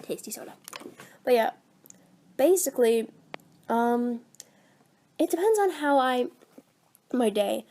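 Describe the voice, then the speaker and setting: A teenage girl chatting aimlessly into her phone mic, meandering and a little self-deprecating. Her voice sits somewhat high for a woman, and she sounds a bit under the weather. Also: animated, takes it slowly, long pauses, dark tone. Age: teens. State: sick. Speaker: voice actor vlogger. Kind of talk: casual rambling vlog.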